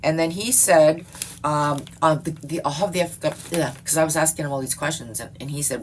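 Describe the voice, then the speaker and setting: A woman's voice: low-pitched, a little fast, slight background noise. A middle-aged woman talking to her viewers in a rambling late-night monologue, swearing and laughing often. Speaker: vlogger.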